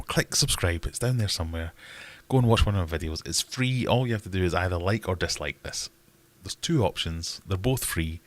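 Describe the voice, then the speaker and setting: A man hosting a casual livestream, answering chat in a rambling, wry, self-mocking way. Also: low voice. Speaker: livestream host reading chat.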